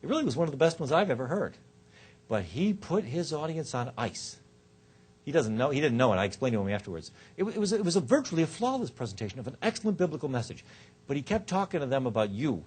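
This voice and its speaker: A man giving a law school lecture on rhetoric, joking and shifting his pitch and loudness often. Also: animated, fast, slightly rough. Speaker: law professor. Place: lecture hall.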